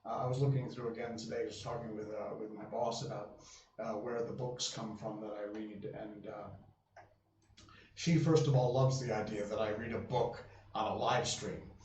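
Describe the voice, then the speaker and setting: A man's voice: on the low side, steady tone, normal speed, darkish tone. A man hosting a live stream, chatting casually with viewers in a rambling way full of fillers and restarts. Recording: roomy sound, voice from a distance, faint hum.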